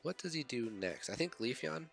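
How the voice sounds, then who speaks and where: A young man giving casual commentary over his own game, excitably reliving his reactions and thinking aloud as he corrects himself. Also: mid-range voice, normal speed, gravelly, over music. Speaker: gaming YouTuber.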